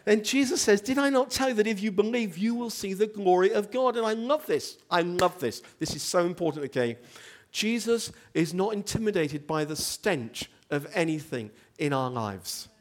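A man's voice: high voice, expressive, normal speed, few pauses. A man preaching a sermon, telling a story with animation and asking the congregation questions. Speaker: pastor.

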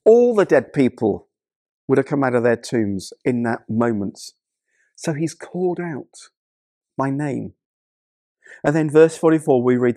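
A male pastor delivers a sermon in a gravelly, textured voice. The sound is dry and close, with no room around it. He often repeats words as he starts a thought, then rises into loud, dramatic bursts before dropping low again. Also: moderate pace, dry recording. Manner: repeats words when starting sentences, dramatic shifts in pitch and loudness.

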